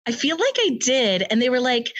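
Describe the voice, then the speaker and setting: A woman in her thirties with an American accent, telling her birth story in casual podcast chat, animated and laughing, full of fillers. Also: on the high side, normal speed, highs cut off. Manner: animated, many fillers, acts out quotes with laughter.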